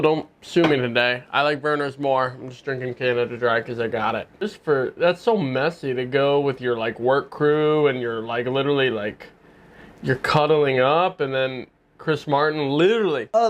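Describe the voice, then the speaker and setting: A man in his studio, talking casually and rambling with jokey asides while he paints. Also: medium pitch. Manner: rambling, loose, lots of "like" and restarts, jokey asides. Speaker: painter and video host. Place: art studio.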